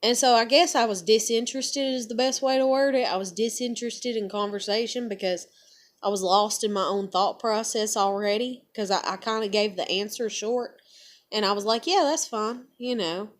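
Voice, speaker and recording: A woman venting in a rambling, casual monologue, full of fillers and quoted thoughts, rising loud when excited. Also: mid-range voice, normal speed. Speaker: vlogger.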